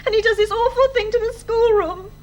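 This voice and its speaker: Casting: very high-voiced teenage girl, tearful and indignant, radio drama. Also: steady tone, fairly quick, darkish tone. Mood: distressed.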